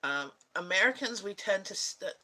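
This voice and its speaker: A woman's voice: mid-range voice, animated, moderate pace, sharp tone, poor audio. A woman vlogger chatting casually with viewers, rambling and laughing often. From Canada. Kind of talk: casual chat answering viewers.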